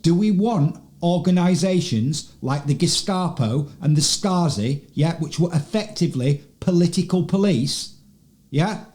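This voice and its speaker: A male host delivering political commentary at a slow, deliberate pace. His voice is dark and mellow, and he leans on repeated words and rhetorical questions to press his points. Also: on the high side.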